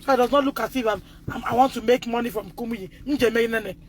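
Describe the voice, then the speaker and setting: A woman's voice: a little high, fast talker, slight background noise. A middle-aged Nigerian woman, a mother, tells her story on a live stream in an urgent, agitated way and repeats herself. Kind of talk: emotional live-stream recounting.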